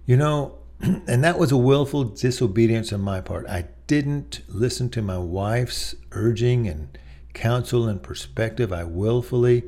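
A man's voice: medium pitch, measured pace, mellow. A middle-aged man preaching a sermon in a conversational way, telling personal stories with many asides. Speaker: pastor.

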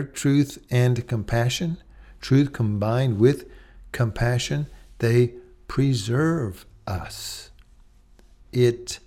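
A middle-aged man preaching in an even, medium-pitched voice. He speaks plainly and conversationally, then draws out key words slowly for weight. At times he breaks into a louder, higher voice to act out a scene. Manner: slow, deliberate emphasis on key words; acts out dog-talk and scolding in a raised voice. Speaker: pastor. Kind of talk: sermon.

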